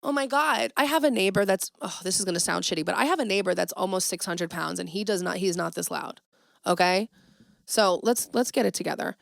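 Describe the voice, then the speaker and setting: A woman hosting a casual solo podcast, talking dramatically and swinging from loud exclamations to hushed asides. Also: mid-range voice, fairly quick, vocal fry, no echo, studio quality. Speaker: podcast host.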